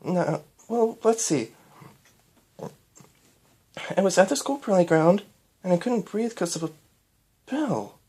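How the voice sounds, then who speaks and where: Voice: mid-range voice, lively intonation, takes it slowly, long pauses, mellow, husky, voice pushed up, full character voice. A reader voicing a startled little filly, stammering out questions in a storybook reading. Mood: panicked. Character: bewildered filly, girl, startled.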